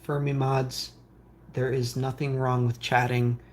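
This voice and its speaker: A man's voice: mid-range voice, flat delivery, measured pace, darkish tone, a little hiss or hum. A man hosting a live stream from his workbench, reading viewer comments aloud and answering them in a rambling way with lots of fillers. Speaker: streamer building game consoles. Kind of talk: casual live-stream chat.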